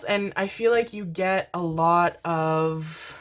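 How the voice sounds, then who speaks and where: A woman's voice: lowish voice, slow pace, hardly any pauses, a bit bright, slight background noise. A woman from Canada giving a pick-a-card tarot reading, rambling and enthusiastic, swearing freely and calling her viewers darlings. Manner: rambling, swears a lot, laughs often, calls viewers darlings.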